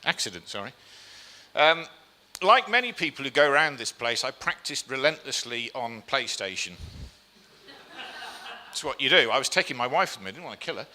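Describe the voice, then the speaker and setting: Man, very bright voice, chatty live slide talk, reverberant hall. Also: medium pitch, big pitch swings, normal speed. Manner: chatty, self-deprecating, asks the audience questions. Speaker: speaker giving a short slide talk. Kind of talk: live presentation to an audience. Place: event hall with a live audience.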